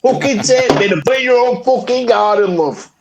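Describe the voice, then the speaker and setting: A man putting on a grumpy old Yorkshire man with a Yorkshire accent, gruff and swearing. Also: very high voice, normal speed, muffled recording, background noise, voice pushed up.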